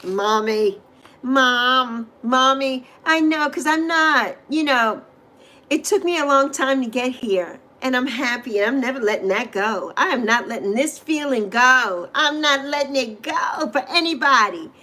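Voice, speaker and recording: A woman's voice: high voice, moderate pace, sharp tone. A middle-aged woman hosting a livestream, talking to viewers in an effusive, emotional, repetitive way into a microphone. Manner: speaks directly to viewers. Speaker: livestream host. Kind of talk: heartfelt livestream chat. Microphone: desk microphone.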